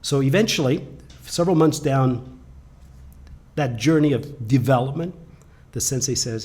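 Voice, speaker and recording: Male storyteller, husky tone, animated, drops to near-whispers for drama. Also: medium pitch, a little slow, long pauses. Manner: animated, swings from loud to hushed. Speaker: webcast presenter. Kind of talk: motivational storytelling.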